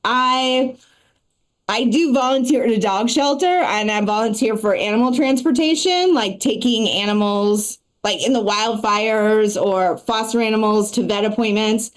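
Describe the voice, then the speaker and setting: A woman performing a stand-up comedy set and hosting a live show, talking in a quick, chatty way full of asides. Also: fairly high pitch.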